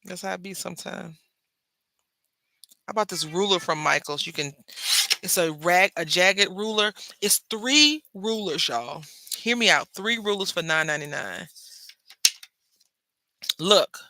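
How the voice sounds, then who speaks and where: A man's voice: high voice, animated, a little slow, gravelly, pauses often, sharp tone. A man hosting a crafting video, chatting playfully to viewers and telling gossipy stories while he works at his table. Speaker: craft channel host. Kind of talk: casual crafting chat.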